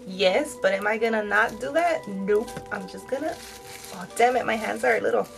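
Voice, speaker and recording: A woman's voice: mid-range voice, normal speed, gravelly, over music, low-quality recording. A woman in her thirties chatting candidly to her viewers while she dyes her hair, fillers all through. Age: 30s. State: tearful at times. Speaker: vlogger. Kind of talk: casual chat while dyeing her hair.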